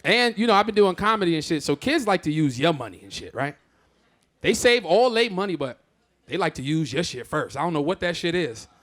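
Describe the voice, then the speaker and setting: A man doing a live stand-up comedy set on a theatre stage, telling stories in a loud, exclamatory, profane way. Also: a little high, very animated, brisk.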